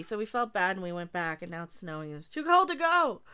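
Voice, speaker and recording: A woman's voice: mid-range voice, sing-song, fast, pushed and bright, clear, resonant tone. A woman hosting a casual livestream, chatty and laughing often as she tells stories. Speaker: livestream host.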